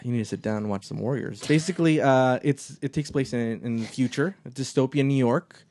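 A man's voice: mid-range voice, a little fast. A man hosting a casual movie chat, rambling with frequent restarts and fillers, recorded in a small office. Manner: relaxed, rambling with many restarts.

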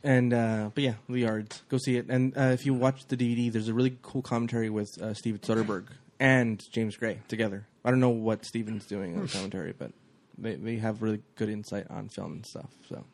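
A man's voice: fairly low pitch, fairly even intonation, brisk, a little mellow, slight background noise. A man hosting a casual chat, talking in loose rambling runs full of likes and restarts. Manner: rambling, many restarts and fillers. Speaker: host.

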